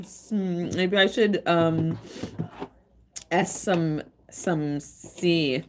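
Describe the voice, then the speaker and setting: Woman, low voice, casual livestream chat, rambling, emotional, restarts often. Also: takes it slowly. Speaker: livestream host and tarot reader.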